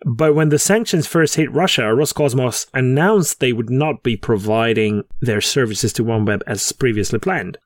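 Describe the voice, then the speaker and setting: A man co-hosting a podcast in chatty, joking talk. He laughs at his own puns and restarts his sentences now and then. His voice sits in a middle pitch and sounds dry and close. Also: moderate pace, hardly any pauses, no room sound. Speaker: podcast co-host. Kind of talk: casual chat.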